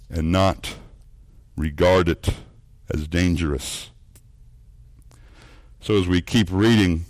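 A man preaching a sermon, earnest, repeating words as he builds points and dropping low and soft for emphasis. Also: dry recording. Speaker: pastor.

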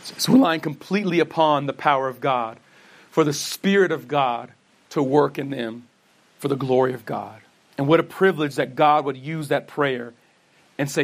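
A man's voice: fairly high pitch, moderate pace, creaky. A man preaching a sermon, earnest, posing questions and answering them himself, who says he stutters and often restarts words. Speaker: pastor.

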